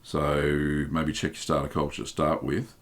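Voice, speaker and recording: An Australian man hosting a live stream, reading viewer chat aloud and answering questions in a relaxed, chatty way with many ums. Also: extremely low pitch, unhurried. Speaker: host.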